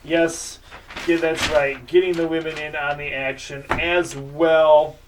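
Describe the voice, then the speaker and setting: A man's voice: a little high, little pitch movement, takes it slowly, far from the mic, slight background noise. A man hosting a local sports show, giving casual, rambling game picks and previews.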